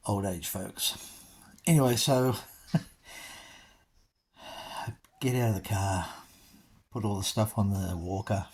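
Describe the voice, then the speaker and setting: A man's voice: lowish voice, takes it slowly, long pauses, a little mellow, husky. A man, chatting casually to his viewers and telling a story with wry, self-mocking asides. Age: 60s. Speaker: vlogger.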